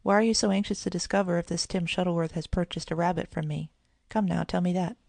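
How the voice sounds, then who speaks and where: A storyteller voicing a harsh, scolding old male shopkeeper in a storybook reading, with a deeply gravelly voice. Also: little pitch movement, quick pace, no echo. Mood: evasive. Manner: sharp, scolding and threatening.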